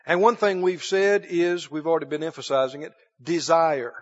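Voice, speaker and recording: High-voiced preacher in an echoing sanctuary. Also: male voice, normal speed. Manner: emphatic, with rhetorical questions to the congregation. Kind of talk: sermon. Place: church sanctuary. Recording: dull, reverberant church recording.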